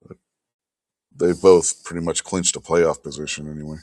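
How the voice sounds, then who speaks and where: Low, tired, grumbling male host. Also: little pitch movement, normal speed, dark tone, no room sound, studio quality. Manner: blunt, grumbling, swears. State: tired, yawning. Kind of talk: casual livestream chat.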